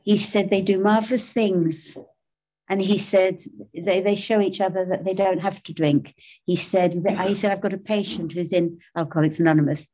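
A woman's voice: medium pitch, fairly even intonation, moderate pace, dark tone, highs cut off. An older woman, giving a personal testimony about her recovery, self-mocking, emotional and often laughing. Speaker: recovery speaker.

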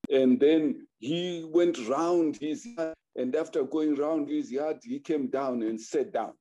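A man tells a village folk tale in an animated way, slipping into the voices of his characters. His voice sits a little high and sounds warm and mellow. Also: takes it slowly. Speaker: storyteller. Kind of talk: oral folk storytelling.

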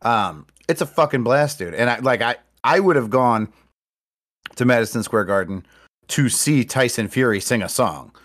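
A man in casual podcast chat, telling stories in an animated, profane way. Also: mid-range voice, normal speed.

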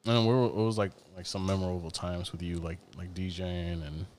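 A man's voice: low-pitched, fast, darkish tone, a little hiss or hum. A young man hosting a casual podcast chat, laid-back and slangy with many fillers. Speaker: podcast host.

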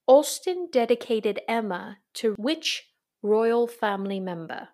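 A woman's voice: fairly high pitch, animated, takes it slowly, a little mellow. A woman hosting a casual podcast chat, playful, reading out quiz questions. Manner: chatty, playful, laughs often. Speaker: podcast host.

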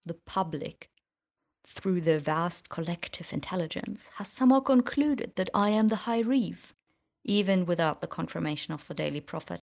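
A woman's voice: fairly low pitch, animated, normal speed, creaky, darkish tone. A woman reading the lines of a cool, sardonic young male wizard in an audiobook.

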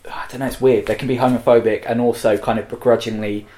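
A man's voice: mid-range voice, flat delivery, quick pace, dark tone. A man giving thoughtful, reflective commentary in a casual music chat. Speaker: podcast co-host reviewing songs.

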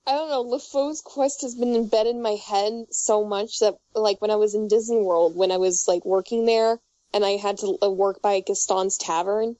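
A woman's voice: medium pitch, fairly even intonation, normal speed, mellow, no echo. Rambling young woman, muffled dry sound. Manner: rambling, restarts, swears and laughs often. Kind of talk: casual chat.

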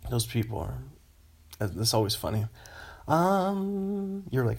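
A man's voice: mid-range voice, big pitch swings, takes it slowly, vocal fry, long pauses, a little mellow. A man from the Pacific Northwest hosting a casual podcast monologue, meandering from topic to topic and chuckling to himself. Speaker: podcast host.

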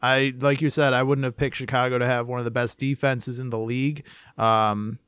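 A man's voice: mid-range voice, level tone, normal speed, a bit bright, clear, resonant tone, dry recording. A man co-hosting a casual sports chat, speaking hesitantly with many fillers. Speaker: podcast co-host.

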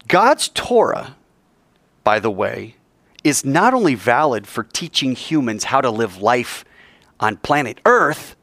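A man's voice: fairly low pitch, no echo. Man teaching a bible class, playful, jokes around, voice jumps all over, dry sound. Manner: lively, playful, joking with students.

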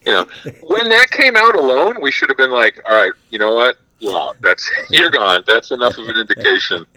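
A man's voice: medium pitch, very animated, moderate pace, sharp tone, no echo, rough recording. A man on a comedy podcast, joking and swearing through rambling chat full of fillers. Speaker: podcast guest. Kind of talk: casual crude comedy chat.

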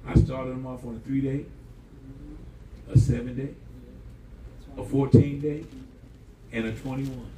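A man's voice: medium pitch, level tone, a little slow, long pauses, warm tone. A man preaching as a pastor, telling stories with humor, folksy phrasing and call-and-response. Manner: folksy, uses "y'all". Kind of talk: sermon. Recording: echoey room, voice from a distance, audible background noise.

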